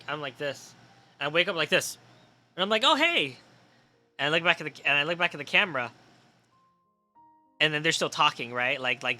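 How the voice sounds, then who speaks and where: A tired young man streaming a game, telling a story in a casual, animated way and swearing freely. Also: on the high side. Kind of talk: casual gaming stream chat.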